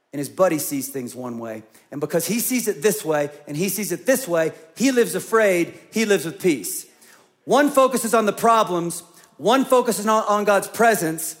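A male pastor preaching a conversational sermon, acting out voices in his storytelling. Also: high-pitched. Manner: conversational, acts out quoted voices.

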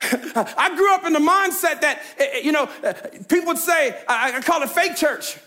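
A man's voice: very high-pitched, moderate pace, sharp tone. A man preaching a sermon as pastor, emphatic and conversational, calling out to the congregation and laughing easily.

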